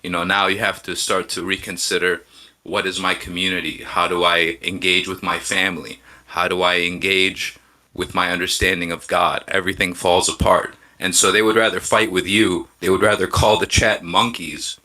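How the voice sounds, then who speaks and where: Man, very low voice, bright and forceful tone, hesitant, measured, reflective guest. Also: level tone, rough recording. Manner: hesitant, with frequent ums and restarts. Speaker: guest on a live call-in show. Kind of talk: reflective conversational answers.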